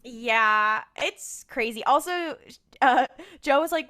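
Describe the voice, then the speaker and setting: A woman's voice: high voice, animated, slow, bright, forceful tone. A woman co-hosting a podcast, casually recapping an episode in a chatty way and acting out characters' lines. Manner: chatty storyteller who acts out lines. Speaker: podcast co-host.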